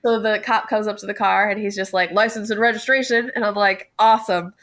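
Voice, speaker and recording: A woman guest, a cosplayer from Connecticut, telling a story in an animated way and laughing often. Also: mid-range voice, a little fast. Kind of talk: casual podcast chat.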